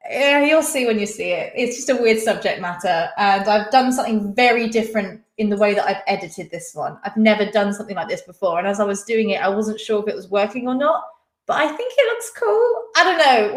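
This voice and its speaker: A young woman with a medium-pitched voice hosts a live online quiz, and the sound is reverberant. It's a casual live-stream chat: she giggles often and reads viewers' comments aloud.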